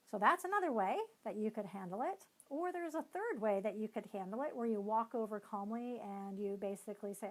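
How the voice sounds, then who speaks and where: A woman's voice: a little high, expressive, moderate pace, low-quality recording. A woman who is a neuropsychologist and team coach, giving a live-streamed motivational talk in a conversational, explanatory way with frequent hedging fillers.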